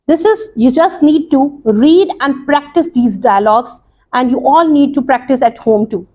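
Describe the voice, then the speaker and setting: A woman English teacher explaining a lesson to students, slowly and deliberately, with many pauses and repeats. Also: sits high, mellow. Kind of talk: recorded classroom lesson.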